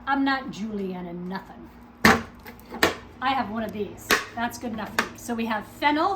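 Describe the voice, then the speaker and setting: A woman with a high voice talks through a recipe in her home kitchen, chatty and quick to poke fun at herself. Dishes and pans clatter clearly behind her as she works. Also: expressive, noisy background. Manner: chatty, self-mocking, talks to herself while cooking. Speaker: cooking vlogger. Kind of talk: casual cooking video.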